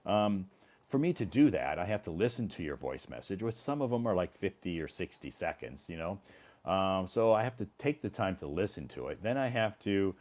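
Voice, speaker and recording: A man's voice: low-pitched, big pitch swings, normal speed, darkish tone. A male English teacher giving a casual live-stream lesson, explaining patiently and repeating words for learners. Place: living in China.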